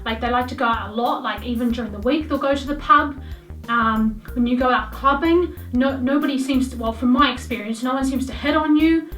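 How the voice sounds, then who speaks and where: A young woman with a New Zealand accent chats casually to camera for her vlog, rambling with plenty of ums. Her voice is high-pitched, brisk, and a bit bright, heard from a distance with roomy echo and light background music.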